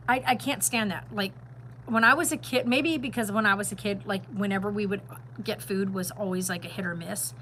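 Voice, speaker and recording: A woman's voice: mid-range voice, fairly bright tone, a little hiss or hum, poor audio. A middle-aged woman who is a grandmother, chatting casually and emphatically on a home vlog. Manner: rambling, emphatic, opinionated. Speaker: vlogger and grandmother. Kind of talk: casual chat.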